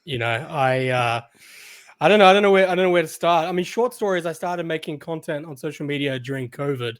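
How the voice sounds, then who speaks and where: A man's voice: fairly high pitch, a little fast. An Australian man guesting on a podcast, speaking casually and hesitantly with many fillers. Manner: hesitant, many ums and restarts. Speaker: guest content creator. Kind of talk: casual interview.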